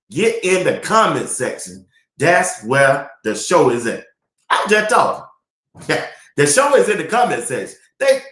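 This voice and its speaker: Reading viewer comments on his live sports talk stream, a man laughs often and keeps the chat relaxed. His mid-range voice is bright and forceful, and the room has an echo.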